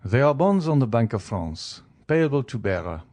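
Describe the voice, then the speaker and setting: A man's voice: medium pitch, big pitch swings, normal speed, darkish tone. A man voicing a proud, greedy middle-aged banker who talks boastfully. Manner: boastful, then flustered and stammering.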